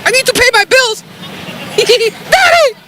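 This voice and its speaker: A man's voice: lively intonation, takes it slowly, sharp tone, some chatter behind, slight background noise, heavily acted. A man mocking a whiny babyish grown man. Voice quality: high whining babyish voice. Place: outdoors on a city street.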